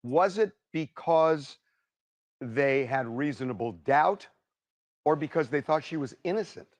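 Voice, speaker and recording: A man interviewing a juror in a news-style interview, asking brisk, prompting questions. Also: fairly high pitch, expressive, no room sound.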